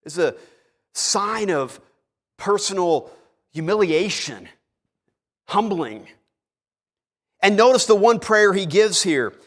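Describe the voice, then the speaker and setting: Animated preacher in a reverberant church. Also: male voice, sits high, takes it slowly, pauses often. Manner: animated storytelling, acts out characters. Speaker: pastor. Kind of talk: sermon. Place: church sanctuary. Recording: long hall reverb in church.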